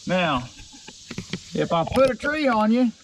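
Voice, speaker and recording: A man's voice: high-pitched, very animated, slow pace, low-quality recording. A middle-aged man, a logger grumbling and cussing under his breath as he talks to the camera while working on a steep wooded hillside. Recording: outdoor noise, chainsaw and insects.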